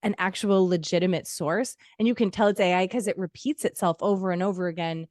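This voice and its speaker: A woman talks in casual podcast chat, blunt and foul-mouthed. She acts out angry exchanges in quick bursts. Her voice sits close and dry on the mic. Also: lowish voice, steady tone, darkish tone, dry recording. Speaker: podcast guest.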